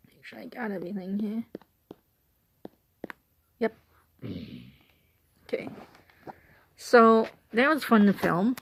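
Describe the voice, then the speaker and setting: A woman's voice: medium pitch, a little mellow. A woman with an Illinois accent, chatting casually through an accent-tag vlog with rambling, giggly asides. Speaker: vlogger.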